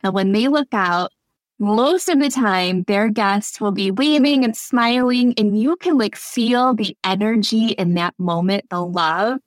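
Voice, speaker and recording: A woman's voice: mid-range voice, unhurried, no echo. A woman wedding officiant, a podcast guest, telling stories in casual chat and laughing often. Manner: warm storyteller, laughs often.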